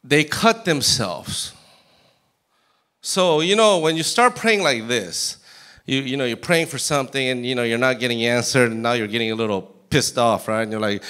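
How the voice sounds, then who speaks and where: A man preaching a sermon as pastor in a church, animated and acting out scripture in voices. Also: medium pitch, normal speed. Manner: animated, acts out Bible quotes in character voices. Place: church sanctuary.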